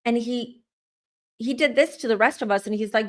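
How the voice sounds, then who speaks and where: A woman's voice: fairly high pitch, normal speed. A woman psychic tarot reader telling viewers about a vision in a chatty, casual way, speaking straight to her audience. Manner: chatty, addresses viewers directly. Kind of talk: casual storytelling to camera.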